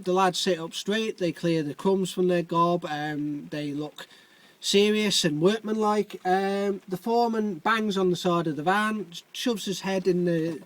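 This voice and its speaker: A man delivering a wry, wordy comic monologue, dry and deadpan, with lots of ums. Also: high-pitched, unhurried. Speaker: comedic commentator.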